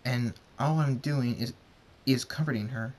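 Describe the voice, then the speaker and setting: A man's voice: mid-range voice, a little slow, natural voice. A man reading a fan story aloud, voicing a protective pegasus father in his own plain voice. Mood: calm. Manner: plain, steady delivery; yells in panic. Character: caring adult pegasus stallion father, protective.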